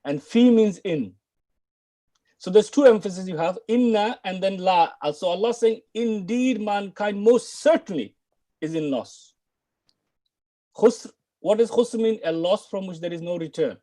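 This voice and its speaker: A man's voice: high-pitched, measured pace, dark tone. A British man teaching an online lesson, stressing key words and repeating phrases for learners to follow. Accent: British English. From United Kingdom. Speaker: Arabic and Quran teacher.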